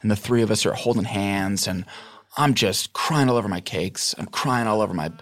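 Low-voiced man telling a deadpan story. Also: normal speed. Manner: rambling, earnest deadpan anecdote with quoted dialogue. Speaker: comedy podcast guest. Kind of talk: improvised comedic storytelling.

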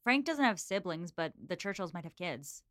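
A woman's voice: on the low side, very animated, moderate pace, a bit bright. A woman co-hosting a book podcast, talking over chapters in a reflective, easygoing way. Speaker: podcast co-host. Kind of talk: casual book discussion.

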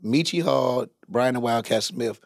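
A man from Chicago's west side, in his forties, telling profane stories in an animated casual chat as a podcast host. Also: medium pitch, a little slow, vocal fry, no echo, clean studio sound. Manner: animated, profane storytelling with quoted voices.

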